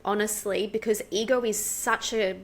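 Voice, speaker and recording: An Australian woman, an English pronunciation coach, explaining her teaching earnestly and practically in an interview, slowing down to demonstrate word stress. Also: mid-range voice, steady tone. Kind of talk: explanatory casual interview talk.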